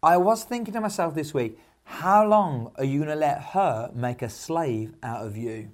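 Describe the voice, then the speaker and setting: A shrewd old grandmother who speaks gently and sees everything, as a man puts her on. The voice stays close to his own easy storytelling tone. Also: a little high, expressive, moderate pace, close to an everyday voice. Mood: gentle.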